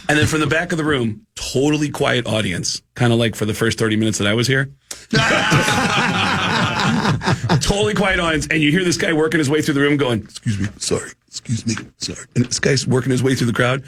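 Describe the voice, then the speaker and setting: A male comedian telling animated, laugh-filled stories in a podcast chat, with a husky voice. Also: mid-range voice, quick pace, slight background noise. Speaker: comedian guest.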